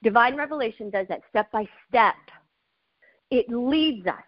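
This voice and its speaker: A middle-aged woman preaching a sermon, telling her own testimony with emotional, animated asides. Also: fairly high pitch, unhurried, dull audio.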